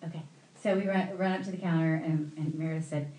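A woman pastor from the American South, telling a lively story in a sermon and acting out the people in it, with a light Southern accent. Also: fairly low pitch, fast, reverberant, rough recording. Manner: animated, laughing storyteller acting out quoted voices.

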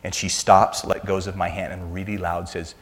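Deep-voiced man telling stories in a sermon. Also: little pitch movement, moderate pace. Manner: anecdotal, self-deprecating storyteller. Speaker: church speaker. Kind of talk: conversational sermon.

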